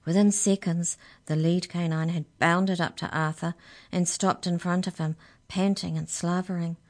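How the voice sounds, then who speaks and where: A woman reading a children's storybook aloud in a measured, unhurried way. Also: on the low side, fairly even intonation.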